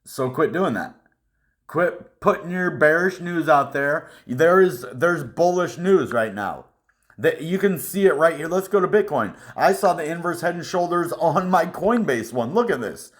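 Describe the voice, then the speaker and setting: A man vlogging about his trades in casual, irritated commentary, now and then mocking panicky traders in a high whiny voice. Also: lively intonation, unhurried. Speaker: crypto vlogger.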